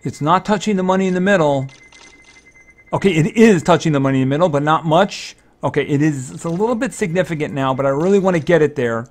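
A man giving casual gameplay commentary, thinking aloud, excitable and fretting over each purchase. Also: a little high. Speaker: let's-play commentator.

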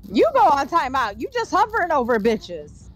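A woman's voice: high voice, sing-song, moderate pace. A woman trash-talking her friends in casual voice chat during a game, sassy and swearing. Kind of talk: casual group voice chat while gaming. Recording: game music under voice chat.

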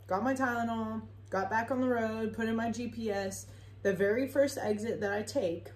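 A woman's voice: on the high side, moderate pace, a little mellow. Chatty young woman in an echoey room. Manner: chatty, rambling, swears freely, filler-heavy. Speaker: vlogger. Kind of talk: casual storytime.

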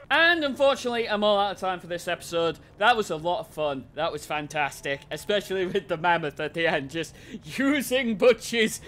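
A young man commentating a game he plays, excitable and swearing, shouting at and cooing to his pet. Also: fairly high pitch, moderate pace, a little hiss or hum. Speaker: gaming video host. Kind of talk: excited let's-play commentary.

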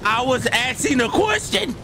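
Over a noisy background, a young male gaming streamer narrates a horror game live, startling easily and exclaiming to his chat. He speaks at a measured pace in an extremely high, very animated voice.

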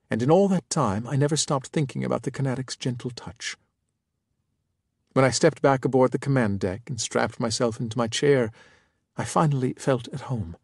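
A man narrating a novel in first person at an even, measured pace. Close studio mic in a dry room with no echo. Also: mid-range voice. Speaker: audiobook narrator.

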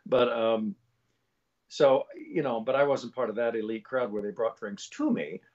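A man's voice: medium pitch, steady tone, normal speed, darkish tone. Male voice actor spinning a loose anecdote on a muffled, dull-sounding track. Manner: rambling, with many fillers and restarts. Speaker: voice actor guest. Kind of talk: storytelling anecdote.

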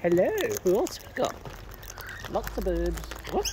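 A man's voice: sits high, big pitch swings, unhurried. A man feeding wild birds outdoors, chatting to them in a playful, coaxing sing-song way. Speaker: bird-feeding vlogger. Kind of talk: casual talk to birds while filming. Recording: loud background noise outdoors.

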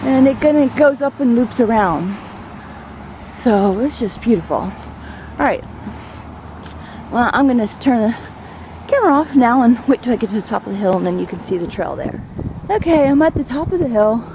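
A woman with a fairly high-pitched voice vlogs while hiking uphill on an outdoor neighborhood trail, slightly out of breath and effusive about the views. Her talk is casual, rambling, and easily awed. She holds a handheld camera that's sometimes aimed away, and the audio carries a little hiss or hum.

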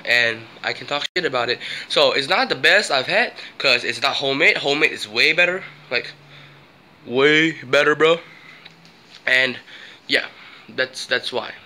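A man's voice: medium pitch, lively intonation, measured pace, low-quality recording. A young man chatting casually in a vlog, slangy and playful, often exclaiming and rambling. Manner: slangy, exclaiming, hushed and breathy while eating, loud and playful when reviewing. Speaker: vlogger.

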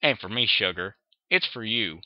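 A man's voice: fairly low pitch, lively intonation, moderate pace, no room sound, natural voice. A man reading aloud, voicing a plainspoken, folksy farm pony mare, recorded dry and dull. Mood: assuring. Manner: folksy, assuring.

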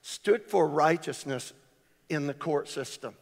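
A man pastor preaching a storytelling sermon, his voice swinging loud on exclamations. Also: a little high, unhurried, creaky. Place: large church hall. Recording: reverberant church hall.

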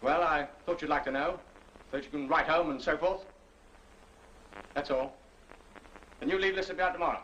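An actor playing a dutiful middle-aged army sergeant with an English accent, talking in clipped, respectful lines in a 1940s film. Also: male voice, a little high, moderate pace, pauses often, fairly bright tone, a little hiss or hum, lightly acted, rough recording. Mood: brisk.

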